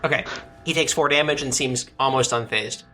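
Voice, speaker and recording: A man running a tabletop game as dungeon master, narrating the action and reading rules aloud in a steady, explanatory way. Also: medium pitch, a little fast.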